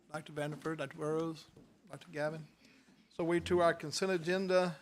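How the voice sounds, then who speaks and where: This is a man running a formal board meeting, moving quickly through motions and votes. His voice sits a little high. A faint hiss runs beneath the recording. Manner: brisk and procedural. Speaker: board chair.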